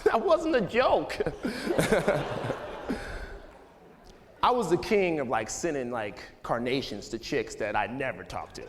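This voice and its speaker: A man in his thirties giving a relaxed, rambling talk to a live audience in a school auditorium, full of "you know" and "like". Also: medium pitch, takes it slowly, long pauses, background noise. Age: 30s. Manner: loose and conversational, heavy with "you know" and "like". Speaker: guest speaker. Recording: long hall reverb.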